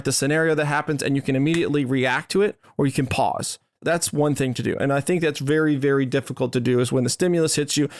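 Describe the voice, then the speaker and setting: A man hosting a podcast, giving an animated motivational monologue that keeps checking in with the listener. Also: on the high side, dry recording, studio quality. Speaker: podcast host.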